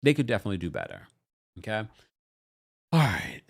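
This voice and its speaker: A man's voice: lowish voice, brisk, vocal fry, slightly rough. A man hosting a live recap show, chatting casually and playfully while reading out viewer comments. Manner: animated, playful, reads viewer comments aloud. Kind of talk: casual livestream chat.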